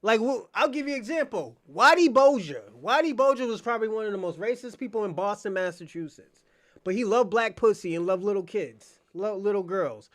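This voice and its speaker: A man with a notably high speaking voice hosts a casual live stream. He talks straight to viewers by name, needling and teasing them in a loud, crude, mocking way. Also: animated, a little fast. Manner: brash, mocking and profane, addressing chatters by name. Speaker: livestream podcast host.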